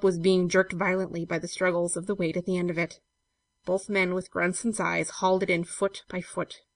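A woman reading a classic story aloud in a measured, steady way. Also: fairly low pitch, no echo. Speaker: narrator.

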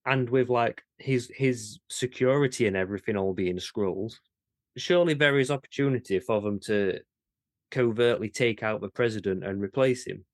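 A man co-hosting a podcast in casual chat, animated and incredulous, with some swearing and restarts. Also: on the low side, normal speed, no echo, clean studio sound. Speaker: podcast co-host.

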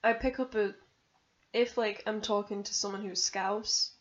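A woman's voice: medium pitch, fairly even intonation. A young woman co-hosting a casual podcast, chatty and teasing. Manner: quick-witted, teasing, chatty. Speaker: podcast co-host. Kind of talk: casual chat. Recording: slightly dull lo-fi sound.

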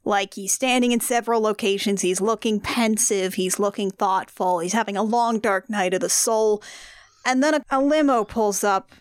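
A woman hosting a casual movie-review podcast, telling the plot in a sardonic, animated way with some swearing. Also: medium pitch, normal speed, clear, resonant tone, no room sound, studio quality. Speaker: podcast host.

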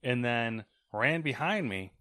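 A man's voice: mid-range voice, expressive, takes it slowly, sharp tone, dry recording, studio quality. Swearing man in casual podcast chat. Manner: swearing, self-mocking. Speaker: podcast co-host.

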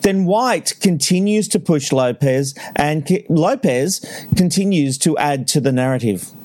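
Guy cohost walking thru it, measured, kinda higher voice. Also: animated, a little mellow. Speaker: podcast co-host. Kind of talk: casual narration and analysis.

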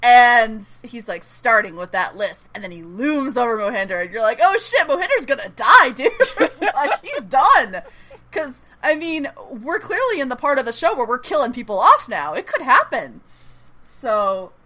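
Excitable, bright-voiced woman podcaster. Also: fairly high pitch, normal speed. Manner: excitable, swears freely, laughs a lot. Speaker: podcast host. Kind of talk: casual TV episode recap chat.

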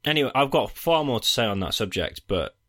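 Give me a man co-hosting a casual podcast, lively pitch, cursing freely. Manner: swears freely, quick asides. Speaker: podcast co-host. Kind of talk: casual chat.

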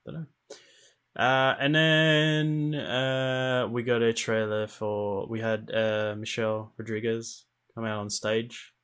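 A man's voice: mid-range voice, little pitch movement, slow pace, a bit bright, clean tone. A man in casual gaming chat on a stream, laid-back, swearing casually and laughing often. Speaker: streamer co-host.

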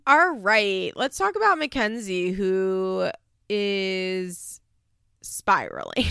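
A woman's voice: mid-range voice, sing-song, very slow, creaky, fairly bright tone, smooth, dry recording, clean studio sound. A woman hosting a casual recap podcast from home, talking in a chatty, loose way with lots of "like" fillers, occasional swearing and laughs. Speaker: podcast host recapping a reality show. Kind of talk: casual chat.

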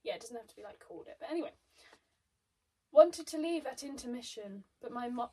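A woman reading theatre reviews aloud in casual chat, teasing her partner with quick asides. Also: on the high side, lively intonation, mellow, breathy edge. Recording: distant mic with faint noise.

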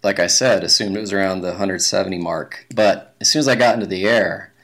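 A man's voice: deep voice, fairly quick, fairly bright tone. A man telling a long story in a casual interview, rambling with plenty of fillers and restarts. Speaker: guest, big-mountain skier.

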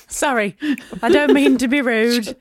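A woman's voice: a little high, takes it slowly, dry recording, studio quality, pitched above the performer's own voice. A woman voicing a cheery, flustered handler at a polar outpost, in a put-on Minnesota accent that keeps slipping. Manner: chirpy, flustered, stumbling over words.

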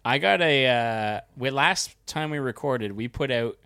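A man's voice: mid-range voice, animated, unhurried, pushed and bright, no room sound, studio quality. A man hosting a podcast in casual chat, wry and profane. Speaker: podcast host.

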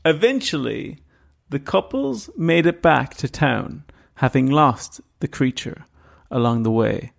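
A man's voice: mid-range voice, animated, a little slow, gravelly. A man co-hosting a paranormal podcast, chatting casually and reading story notes aloud. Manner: reads story notes, easily spooked. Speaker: podcast co-host. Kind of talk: casual chat and read narration.

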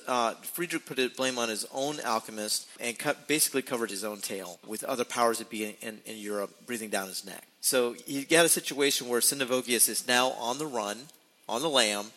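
A man's voice: mid-range voice, fairly quick, sharp tone, low-quality recording. A man co-hosting a casual podcast, narrating history playfully and posing rhetorical questions. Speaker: podcast co-host. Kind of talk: casual storytelling podcast chat.

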